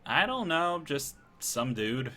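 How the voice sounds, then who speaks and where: A man's voice: on the high side, very animated, takes it slowly, bright, forceful tone, exaggerated voice. A man voicing a chatty, nervous male skeleton just freed from a crypt, who talks awkwardly and stammers in a tabletop game.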